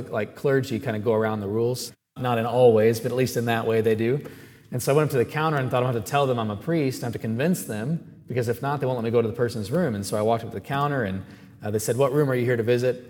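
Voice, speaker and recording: Male parish priest, mid-pitched, conversational sermon delivery, reverberant church sound. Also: rapid-fire. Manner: animated, chatty, asides to congregation. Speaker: Catholic priest. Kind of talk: storytelling sermon.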